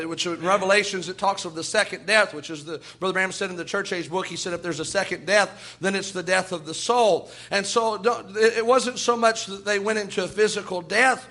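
A man's voice: high voice, fairly even intonation, fairly quick, few pauses, pushed and bright. A man preaching a sermon with fervor, quoting scripture and acting out quoted voices.

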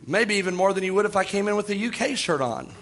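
A man preaching a sermon. His voice sits high and sounds bright and forceful, and he tells folksy stories with little chuckles. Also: lively intonation, quick pace.

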